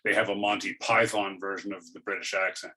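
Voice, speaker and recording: A man from North America interviewing a guest, asking long questions with hesitant pauses. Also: on the low side, flat delivery, a crowd in the background. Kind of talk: casual interview.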